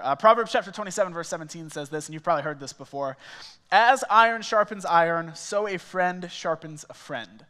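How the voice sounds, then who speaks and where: A man's voice: fairly high pitch, sharp tone. Chatty young male pastor in a hall. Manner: conversational storytelling, self-mocking humor. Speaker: small groups pastor. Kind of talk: sermon. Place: church auditorium. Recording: reverberant church hall.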